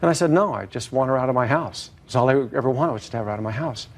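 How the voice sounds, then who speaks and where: A man's voice: medium pitch, animated, rapid-fire. A man giving long, hesitant testimony as a plaintiff in a TV courtroom, full of fillers and restarts.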